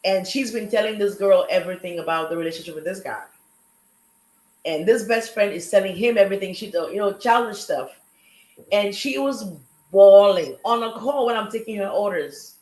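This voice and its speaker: A woman hosting a relationship talk show, telling stories with lively energy and acting out the people she talks about. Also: mid-range voice, normal speed, roomy sound, rough recording. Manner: animated storytelling, acts out callers' lines. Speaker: podcast host. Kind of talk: casual chat.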